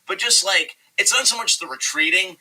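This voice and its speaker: A man co-hosting a wrestling review show, rambling in an animated way and swearing often. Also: high-pitched, moderate pace, poor audio. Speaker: podcast co-host. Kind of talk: casual wrestling review chat.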